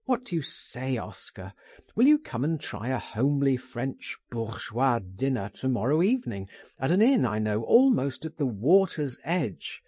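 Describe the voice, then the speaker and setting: A man narrating an audiobook memoir in an expressive, theatrical manner. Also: mid-range voice, normal speed, hardly any pauses, slightly rough, no room sound, studio quality.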